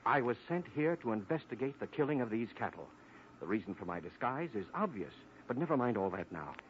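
An actor playing a steady federal agent who gives firm, urgent orders, in 1940s radio acting. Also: male voice, mid-range voice, fairly quick, natural voice. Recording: dull old radio recording, faint hiss.

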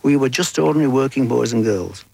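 Archive interviewee: older man, plain recollection, mid-pitched. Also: expressive, fast talker, vocal fry, a little mellow, no room sound. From Manchester area, England. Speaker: archive interviewee, former organiser. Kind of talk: recorded reminiscence.

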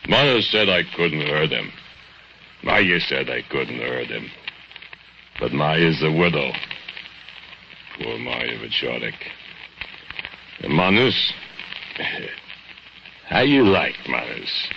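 A man's voice: a bass voice, very animated, slow pace, creaky, pauses often, bright, forceful tone, slight background noise, heavily acted. An actor playing a drunken, brooding male foundry laborer who mutters in broken English and chuckles to himself, in 1940s radio-drama acting. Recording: dull lo-fi old radio recording with music.

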